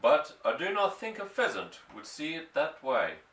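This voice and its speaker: A man voicing a mischievous country father who speaks softly with dry irony. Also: on the high side, wildly swooping pitch, moderate pace, echoey room, distant mic, pitched above the performer's own voice, low-quality recording. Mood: wry. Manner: soft, dry, gently ironic.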